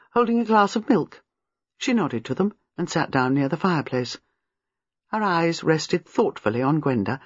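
An audiobook narrator reading a novel in a gentle, expressive way. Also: medium pitch, no room sound, muffled recording. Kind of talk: scripted narration.

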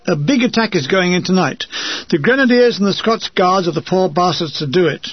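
A man reading his first-person war memoir in a wry, deadpan way, on a dull lo-fi recording. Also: sits high, slightly rough, no echo.

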